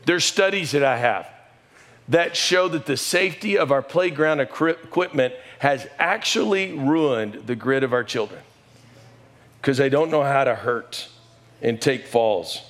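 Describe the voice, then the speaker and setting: A middle-aged man, a pastor and coach, preaching a sermon with animated storytelling and sudden raised exclamations. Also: medium pitch, unhurried. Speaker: pastor and high school coach.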